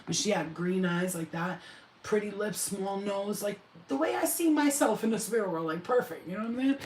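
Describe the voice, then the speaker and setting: A woman chatting casually on a spiritual livestream, excitable and slangy, swearing freely. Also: mid-range voice, normal speed, echoey room, slight background noise, rough recording.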